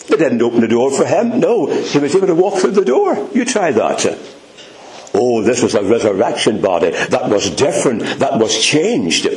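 A man's voice: mid-range voice, a little mellow, echoey room. A man with a Northern Irish accent preaching a sermon, earnest and emphatic, speaking directly to his listeners. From Northern Ireland. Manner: earnest, emphatic preaching, addressing "dear friends".

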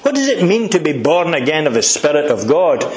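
Middle-aged Scottish preacher, high pitch, emphatic delivery, recorded in a reverberant hall. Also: male voice, very animated, a little fast. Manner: earnest, emphatic, asks the congregation questions. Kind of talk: sermon.

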